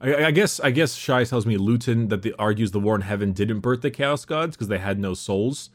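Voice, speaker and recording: A man's voice: lowish voice, a little fast. A man in casual chat about game lore, rambling and swearing, reading bits from a wiki. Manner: rambling, profane, reads from a wiki.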